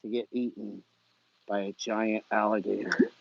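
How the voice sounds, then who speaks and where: A young man, a zookeeper and gator wrestler, chatting casually on a live stream, talking warmly to his animals and to viewers. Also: fairly low pitch, flat delivery, unhurried, vocal fry, muffled recording, slight background noise.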